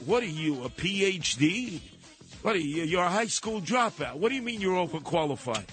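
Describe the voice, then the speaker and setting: A man's voice: sits high, sing-song, moderate pace, fairly bright tone, soft background music. A man hosting a call-in radio show, ranting with sarcastic rhetorical questions and acting out the people he mocks. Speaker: radio talk show host. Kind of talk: call-in talk radio monologue.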